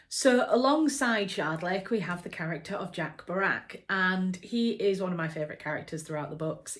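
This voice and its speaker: An eager woman from England talks casually to her viewers, her voice sitting a little low. She rambles with fillers and self-corrections, sounding like an informal vlog. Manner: chatty and enthusiastic, with fillers and restarts. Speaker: book vlogger. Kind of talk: casual chat to camera.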